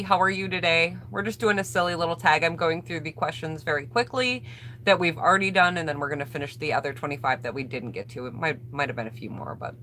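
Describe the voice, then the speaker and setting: A woman's voice: sits low, a bit bright, slight background noise. An American woman vlogger reading out tag questions and answering them in casual chat, greeting viewers by name, while getting over a cold. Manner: chatty, reads questions aloud then answers and greets viewers. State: recovering from a cold.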